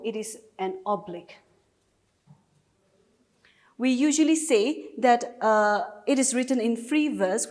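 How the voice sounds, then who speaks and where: Woman, Nagaland accent, English teacher, patient step-by-step explanation, slightly high voice, reverberant room. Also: darkish tone. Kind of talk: classroom lesson explanation.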